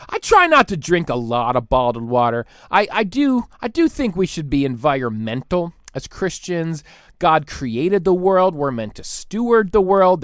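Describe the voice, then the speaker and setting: A man rattling off a comedic rant as a podcast host, excitable and rambling, laughing at himself as he goes. His pitch leaps all over the place, and the sound is dry and close on the mic. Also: dry recording.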